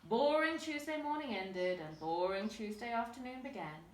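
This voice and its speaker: A woman teacher reads a picture book aloud to young children, telling the story expressively. Her voice is fairly high, her pace moderate, and the room sounds reverberant.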